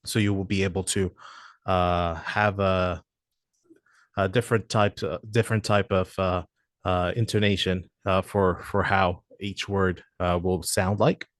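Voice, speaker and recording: A man explaining software features in a walkthrough, hesitant and full of "uh" fillers. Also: sits low, little pitch movement, unhurried, no room sound, studio quality. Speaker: product presenter.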